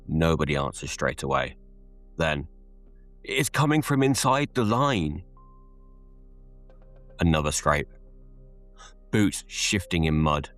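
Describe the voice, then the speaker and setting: Slow deep-voiced horror narrator man.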